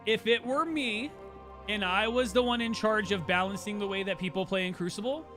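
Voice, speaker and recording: A man's voice: high voice, normal speed, music in the background. A man chatting casually on a gaming livestream, opinionated and rambling with frequent restarts, his voice tiring from a long day of talking. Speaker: streamer.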